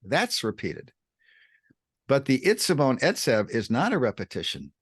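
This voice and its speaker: A man's voice: big pitch swings, normal speed, slightly rough, dry recording. An emphatic man co-hosting a podcast, explaining texts with a lot of repetition. His voice leaps up when he stresses a point. The recording is dry and close. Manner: emphatic, repeats words, pitch jumps for emphasis. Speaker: podcast co-host teaching scripture. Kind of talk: animated explanatory teaching chat.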